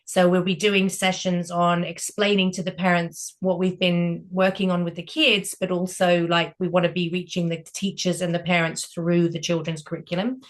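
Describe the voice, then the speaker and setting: A woman's voice: on the low side, level tone. Upbeat woman hosting an online meeting. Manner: upbeat, brisk, explains step by step. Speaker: project founder and meeting host. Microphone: video call.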